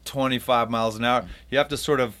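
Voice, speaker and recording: A man's voice: mid-range voice, fairly even intonation, fast, a bit bright. A man from the Southern California desert, a podcast guest talking in a laid-back, joking way with casual swearing.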